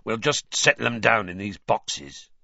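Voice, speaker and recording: Hagrid, hearty gamekeeper. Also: male voice, lowish voice, sing-song, unhurried, vocal fry, bright, forceful tone, no echo, heavily acted. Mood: cheerful. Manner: homely rustic speech. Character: huge gentle half-giant gamekeeper, man. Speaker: teacher of magical creatures. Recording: dry, slightly dull studio recording.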